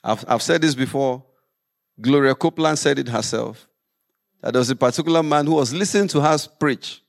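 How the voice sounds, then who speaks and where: A man preaching a sermon as pastor, lively with humorous asides. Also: mid-range voice, a little fast, gravelly.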